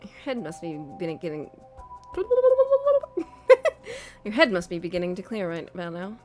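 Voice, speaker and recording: A woman voicing a calm, smug man who is interrogating a drugged captive, speaking in a measured, coolly polite way. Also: on the low side, faint music behind, pitched below the performer's own voice.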